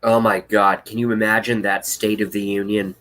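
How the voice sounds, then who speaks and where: A man in his thirties rants on a live stream, blunt, sarcastic and profane. His voice sits low but cuts through with a sharp, forceful edge. He reacts to chat comments as they come in. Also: level tone, moderate pace. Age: 30s. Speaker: political vlogger.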